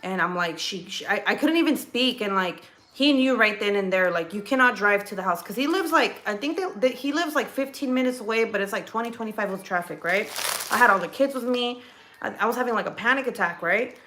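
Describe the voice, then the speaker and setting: A woman's voice: medium pitch, lively intonation, fairly quick, a bit bright. A woman chatting casually at home, telling a personal story with lots of fillers, restarts and swearing. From California. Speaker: livestream host. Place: home kitchen.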